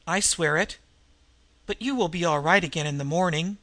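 A man voicing an earnest young woman heroine who speaks in a gentle, soothing way. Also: a little high, moderate pace, no room sound.

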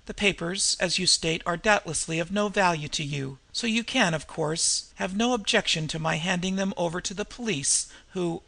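A man voicing a cool, sardonic gentleman adventurer who speaks curtly and pleasantly. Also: sits high, moderate pace, creaky, few pauses, exaggerated voice. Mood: polite menace.

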